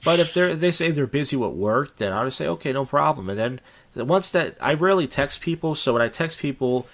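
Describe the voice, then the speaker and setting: A man's voice: a little high, expressive, brisk. A young man, a comedian co-hosting a podcast, telling a long rambling story in casual chat, often restarting his sentences.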